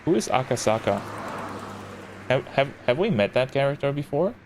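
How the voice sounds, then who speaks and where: A man's voice: medium pitch, sing-song, normal speed. A man casually commentating as he plays a game, rambling and interrupting himself with short chuckles. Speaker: gameplay commentator. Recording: audible background noise.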